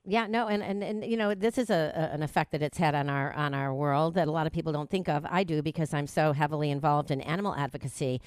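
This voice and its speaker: A woman's voice: low voice, quick pace, hardly any pauses, a little mellow, clear, resonant tone, no echo. A woman hosting a talk show, chatting in a rambling way with many restarts and fillers. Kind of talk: casual talk show chat.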